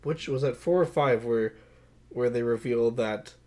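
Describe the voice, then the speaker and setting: A man's voice: medium pitch, normal speed. Young man ranting about films. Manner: mocking, gets loud and animated when ranting. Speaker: podcast co-host. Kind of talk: casual movie chat.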